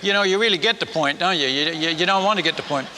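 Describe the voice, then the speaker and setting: Bright-voiced man preaching in a hall. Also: a little high, fast talker, slight background noise. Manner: animated storyteller, folksy asides and restarts. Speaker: preacher and former missionary. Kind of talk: storytelling sermon. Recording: long reverb of a large hall.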